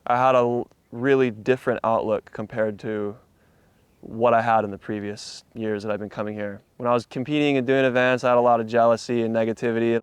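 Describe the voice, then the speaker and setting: A man's voice: mid-range voice, smooth, dry recording. A young man from Hawaii, a surfer telling a story in a casual interview with laid-back slang and a lot of swearing.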